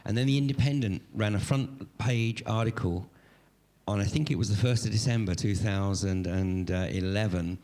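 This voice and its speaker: A man's voice: fairly low pitch, normal speed, dark tone. Older man rambling through a story. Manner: rambling, anecdotal, with frequent fillers. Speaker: event host and moderator. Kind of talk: casual storytelling on stage.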